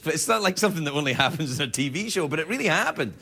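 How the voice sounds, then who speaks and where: A man with a slightly high, husky voice talks very fast and animatedly while hosting a late-night talk show. He delivers a joking comedy monologue sprinkled with self-mocking asides in a TV studio before a live audience, whose loud laughter fills the recording.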